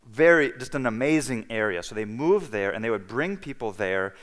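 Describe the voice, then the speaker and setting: A man's voice: mid-range voice, lively intonation, normal speed, fairly bright tone. A man speaking at a church, telling a personal testimony in a rambling storytelling way, full of restarts. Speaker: church health week speaker.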